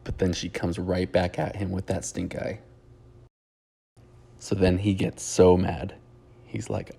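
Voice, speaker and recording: A man's voice: fairly low pitch, fairly even intonation, normal speed, creaky, warm tone. A man hosting a comedic breakdown of a reality show, talking in a sarcastic, mocking way. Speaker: comedy recap host.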